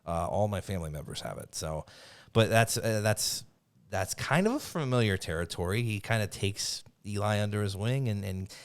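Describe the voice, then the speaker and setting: A man's voice: lowish voice, expressive, normal speed, clean tone. A man co-hosting a podcast, rambling enthusiastically through his retellings in casual chat. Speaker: podcast co-host.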